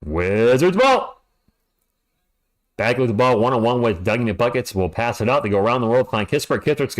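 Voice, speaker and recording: Middle-aged man, live play-by-play streamer, jokey banter, lively swinging pitch, mid-range voice. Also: normal speed. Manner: animated, jokey, chatty.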